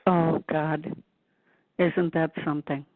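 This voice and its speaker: A woman's voice: deep voice, level tone, takes it slowly. A woman hosting a radio talk show who listens supportively and reacts to her guest with exclamations. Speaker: host. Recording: tinny phone line.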